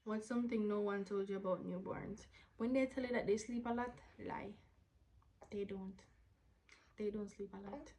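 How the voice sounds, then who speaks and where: A young woman, answering viewer questions in a candid, casual vlog, sometimes dropping into a soft whisper. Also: medium pitch, steady tone, moderate pace, low-quality recording. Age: young adult. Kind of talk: casual Q&A to camera.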